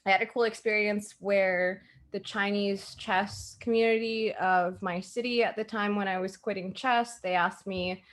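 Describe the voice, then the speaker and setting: A woman's voice: medium pitch, fairly even intonation, measured pace, hardly any pauses. A young woman from Canada chatting casually on a livestream, telling stories animatedly and acting out the voices of people she quotes. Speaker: guest, streamer's best friend.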